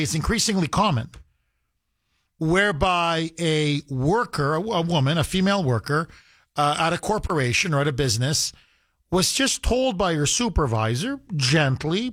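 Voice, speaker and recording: Male radio host with a high-set voice; combative, emphatic monologue with lots of restarts, taken dry off a studio mic. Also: animated, normal speed, fairly bright tone, no echo. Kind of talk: opinionated talk radio monologue. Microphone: studio microphone.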